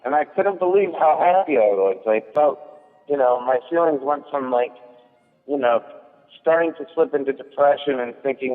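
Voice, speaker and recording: A man's voice: on the high side, normal speed. Male comedian, rambling anecdote, lots of fillers, tinny phone-like sound, echoey. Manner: rambling, storytelling, frequent fillers and restarts. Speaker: guest comedian. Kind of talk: casual chat. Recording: thin phone-like sound with long echo.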